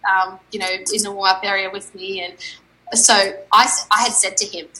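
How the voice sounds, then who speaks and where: A woman's voice: medium pitch, little pitch movement, normal speed, pushed and bright, poor audio. A young adult woman, an athlete guest on a podcast, telling a story candidly and animatedly and quoting her own thoughts.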